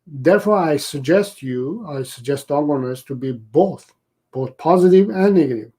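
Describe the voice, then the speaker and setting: A man who trains dogs, explaining his methods slowly and deliberately during a live video, often restarting his sentences. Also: a little high, expressive, dark tone, breathy edge, low-quality recording. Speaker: dog trainer. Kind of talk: live-stream training advice and Q&A.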